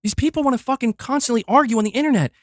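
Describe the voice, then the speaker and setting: A man's voice: extremely high pitch, no room sound, clean studio sound. A man ranting as a gaming commentator, reacting to a video in a fiery, exasperated, profane way. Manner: fiery, exasperated, profane, talks fast in bursts. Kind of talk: heated reaction rant.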